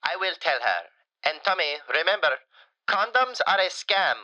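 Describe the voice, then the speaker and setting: Caller: man voicing a deadpan falafel shop owner, broken English, bright and animated. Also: high voice, normal speed, lo-fi sound, full character voice. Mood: deadpan warm. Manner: broken English, drops articles, deadpan compliments. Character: warm, flattering male falafel shop owner. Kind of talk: comedic radio call-in sketch.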